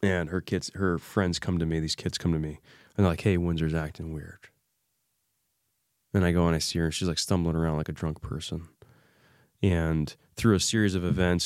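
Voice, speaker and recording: A man with a very low voice talks as an interview guest. He tells an emotional personal story in an animated way, acts out remembered dialogue and uses many fillers. His voice sounds close and dry. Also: clean tone, no echo.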